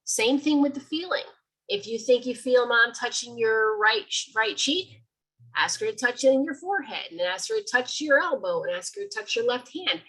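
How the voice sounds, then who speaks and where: Husky, chatty woman giving a talk. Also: a little high, moderate pace, poor audio. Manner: chatty, animated, acts out sounds. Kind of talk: informal library talk.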